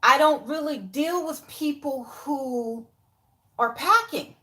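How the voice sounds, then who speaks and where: High bright-voiced woman ranting slowly to her camera, lots of disbelieving questions. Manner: exasperated, incredulous rhetorical questions. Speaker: YouTuber. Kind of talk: casual commentary to camera.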